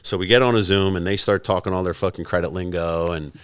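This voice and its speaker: Brief: deep, dry-sounding man in his forties, profane storyteller, podcast guest. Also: fairly even intonation, fast talker, clear, resonant tone, no echo. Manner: profane, storytelling, acts out both sides of conversations. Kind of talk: casual podcast chat.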